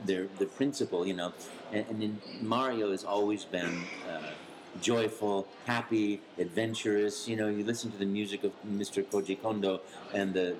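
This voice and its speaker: A man, a voice actor, telling an anecdote in an interview and acting out quoted voices with big leaps in pitch. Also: noisy background. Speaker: voice actor guest.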